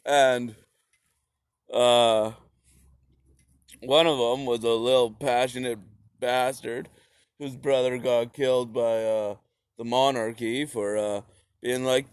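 A man's voice: mid-range voice, fairly even intonation, takes it slowly, pauses often, smooth, no echo, studio quality. A young man giving a rambling, profane comedic history rant, full of slips and restarts.

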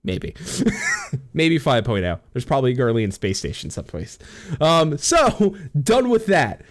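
Man, high voice with a wide bouncing range, profane comic storyteller who laughs constantly and acts out the characters. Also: sing-song, unhurried. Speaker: storyteller recapping a game plot. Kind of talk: rambling comedic recap.

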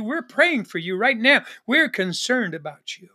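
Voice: medium pitch, sing-song, moderate pace, pushed and bright. A pastor delivering a broadcast sermon, repeating refrains and calling for an amen. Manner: repetitive preaching refrains, calls for amen. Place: Northern Arizona church ministry.

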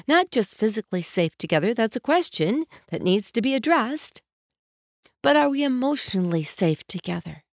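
A woman giving a spoken self-help lesson as a coach. She talks in a gentle, earnest way and varies her tone on purpose. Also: a little high, big pitch swings, moderate pace, gravelly, no echo, studio quality.

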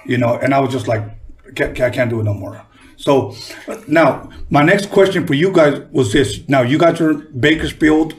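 A man's voice: medium pitch, normal speed, slight background noise. A man hosting a casual interview who talks in a blunt, profane, chatty way. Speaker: interview host. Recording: voice set back from the mic.

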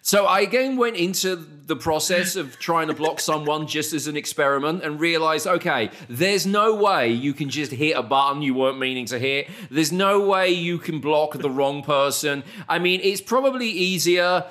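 A man with a Southern British accent, his voice sitting a little high for a man. He chats casually as a podcast host, wandering through self-mocking anecdotes and voicing the people in them. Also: animated, normal speed, hardly any pauses, bright, forceful tone. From southern England. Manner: rambling, self-mocking anecdotes with acted-out quotes. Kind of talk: casual chat, storytelling.

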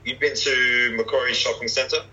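A man's voice: medium pitch, fairly even intonation, moderate pace, sharp tone, muffled recording. A young man chatting casually and hesitantly, with lots of fillers and restarts. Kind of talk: casual chat.

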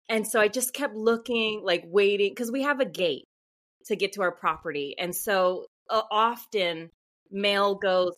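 A woman author, a podcast guest, telling a story in a chatty, animated way with lots of fillers. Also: medium pitch. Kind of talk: casual podcast interview storytelling.

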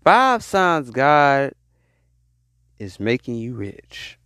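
A man's voice: mid-range voice, sing-song, pushed and bright, clean tone, no room sound. A man hosting his podcast, preaching. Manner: call-and-response exhortation, drawn-out hype. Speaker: podcast host. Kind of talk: motivational preaching monologue.

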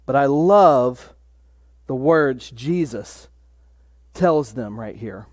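A man preaching a sermon in a measured way, dropping to a hush for emphasis. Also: medium pitch, lively intonation, dry recording. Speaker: pastor.

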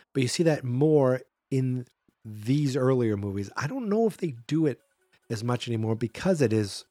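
A man's voice: mid-range voice, dark tone, no room sound. Man, podcast host, rambling casual commentary, dry close mic, faint music underneath. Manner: chatty, rambling, acts out quotes in a raised voice. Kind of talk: casual solo movie commentary.

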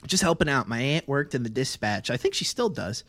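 A young man chats on his podcast, spinning a long story and dropping swear words as he goes. His voice sits at an ordinary middle pitch. The sound is dry and close. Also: big pitch swings, fairly quick, fairly bright tone, no echo. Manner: swears a lot, acts out quoted people. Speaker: podcast host. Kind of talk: casual chat.

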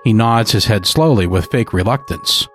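A man narrating a dark story in a measured, scripted storytelling manner. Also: fairly low pitch, expressive, soft background music.

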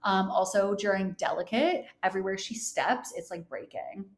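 A young woman co-hosting a podcast in casual chat, gushing and gasping with excitement. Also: mid-range voice, moderate pace. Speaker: podcast co-host.

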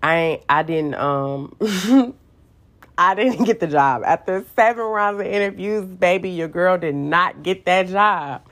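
Sassy low-voiced woman sharing faith. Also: unhurried. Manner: sassy, animated storytelling with slang and quoted voices. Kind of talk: casual faith talk.

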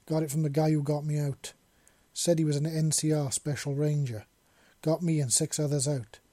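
A man voicing a desperate young runaway in his early twenties, talking fast and urgently. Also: on the high side, little pitch movement, mellow, no room sound, lightly acted. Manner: frantic, pleading.

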